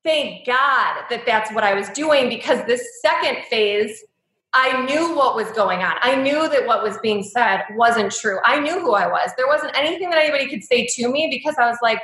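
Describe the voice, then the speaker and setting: Her intonation lively and her pace moderate, a thirties-aged woman opens up in an interview as a guest, heartfelt and candid, with lots of likes and ums. The echoing room carries her slightly high voice, which is bright and forward.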